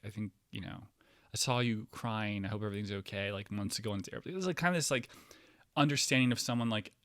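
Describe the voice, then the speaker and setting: Low-voiced rambling man telling a story. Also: no echo, studio quality. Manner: meandering, profane, swings from low mumbles to loud outbursts. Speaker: podcast host.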